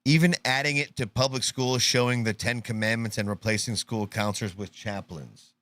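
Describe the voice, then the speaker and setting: A man's voice: mid-range voice, fairly even intonation, moderate pace, fairly bright tone. A man hosting a live show, sarcastically commenting on news clips and acting them out in mock voices. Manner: sarcastic, mocking, puts on voices to act out clips.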